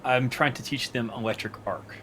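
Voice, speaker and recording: A man's voice: mid-range voice, normal speed, pushed and bright, slight background noise. A man playing a tabletop game, explaining his character's actions plainly. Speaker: player. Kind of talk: casual tabletop play.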